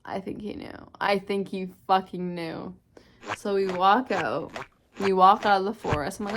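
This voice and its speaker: A woman's voice: mid-range voice, normal speed, background noise. A young woman telling a candid, swear-filled personal story in a casual storytime vlog, acting out what people said. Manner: candid, swears often, animated retelling. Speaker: vlogger.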